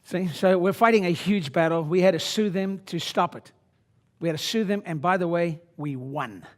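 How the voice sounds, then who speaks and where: A man in his sixties speaking at a seminar, brash and boastful, dropping to low asides and then pushing up into loud exhortation at the audience. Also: normal speed. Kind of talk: motivational seminar talk. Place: conference room before an audience.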